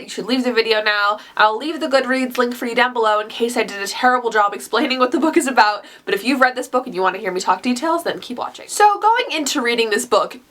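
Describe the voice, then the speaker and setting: In a casual book review, a young woman who vlogs about books gushes over one she adored. Her voice is a little high, bright, and forceful, and her chatty talk is packed with "like."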